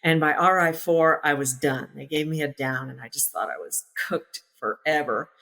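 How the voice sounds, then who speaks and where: A woman's voice: deep voice, normal speed, creaky. A woman in her sixties, a former military pilot, telling stories from her career in a casual interview, acting out what people said and laughing easily. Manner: lively, acts out quoted voices, laughs easily. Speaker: former naval aviator, interview guest. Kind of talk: casual anecdotal storytelling.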